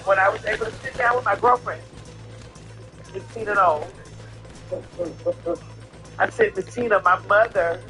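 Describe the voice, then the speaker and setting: A man's voice: high voice, normal speed, long pauses, pushed and bright, faint music behind. A tipsy man telling a personal story in a casual way, emphatic, repetitive and profane.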